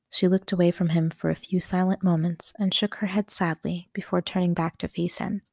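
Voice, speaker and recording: A woman reading a novel aloud as an audiobook narrator, calm and measured. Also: lowish voice, vocal fry, no room sound, studio quality.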